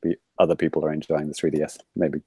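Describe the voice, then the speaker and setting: Man, podcast co-host, casual chat, dark tone, dry sound, joking. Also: a bass voice, little pitch movement, quick pace, breathy edge, no room sound. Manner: joking, laughs often.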